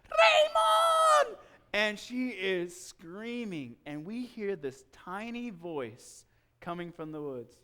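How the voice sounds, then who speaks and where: A male pastor giving a sermon in church, telling a personal story in an animated way and acting out the scenes. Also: sits high, slow pace, slight background noise.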